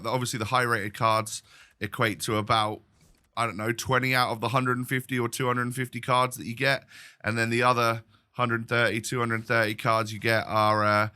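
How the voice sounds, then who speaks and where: A man's voice: medium pitch, pushed and bright, clear, resonant tone. A young man hosting his gaming channel, chatting casually with lots of fillers while blocked up with a summer cold. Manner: chatty, rambling, many fillers. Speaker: gaming YouTuber. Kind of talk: casual video intro chat.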